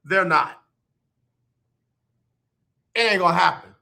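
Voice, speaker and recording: A man's voice: high voice, slow pace, gravelly, sharp tone. A man hosting live sports talk radio, joking and repeating his points for effect into a studio microphone.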